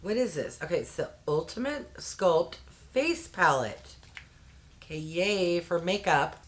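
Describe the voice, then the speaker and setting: A woman reviewing a beauty subscription box in a candid, chatty way with quick exclamations. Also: fairly low pitch, lively intonation. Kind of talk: casual unboxing chat.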